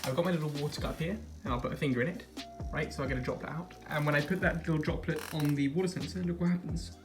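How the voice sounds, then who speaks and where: A man's voice: on the high side, steady tone, rapid-fire. A man casually narrating a DIY vlog, upbeat and explaining each step as he tinkers. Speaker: maker demonstrating a project. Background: faint background music.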